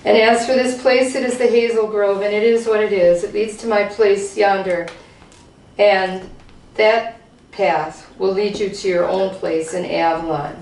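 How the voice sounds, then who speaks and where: A woman voicing an ancient, queenly fairy woman who speaks gravely, recorded from a distance in a roomy hall. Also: mid-range voice, fairly even intonation, a little slow, darkish tone, close to an everyday voice. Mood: solemn. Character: ancient regal fairy woman, calm and solemn.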